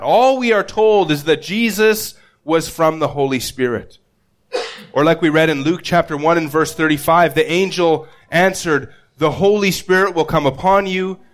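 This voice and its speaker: A man preaching a sermon as pastor, earnest, often repeating a word as he restarts and slowing down to stress key phrases. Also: a little high, fairly bright tone.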